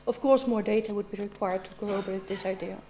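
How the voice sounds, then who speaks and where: A woman's voice: medium pitch, fairly even intonation, warm tone, slight background noise. A middle-aged woman asking formal, precise questions as an examiner at a doctoral defense. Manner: measured and precise, with occasional ums.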